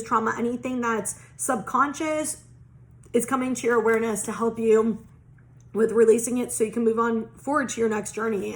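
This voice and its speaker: A woman giving a casual oracle card reading, chatty and rambling, full of "like" fillers and casual swearing. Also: fairly high pitch. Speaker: psychic oracle card reader.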